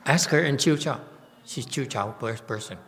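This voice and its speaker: In a temple hall thick with long reverb, a meditation teacher addresses his class in a Dharma talk. He is blunt, emphatic and self-mocking, speaking at normal speed with a medium-pitched, slightly bright voice.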